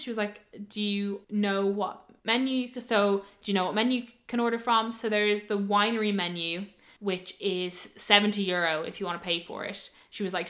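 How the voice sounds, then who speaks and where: Bright-voiced woman telling a story. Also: mid-range voice. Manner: animated, quoting others in lively voices. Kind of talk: casual storytelling chat.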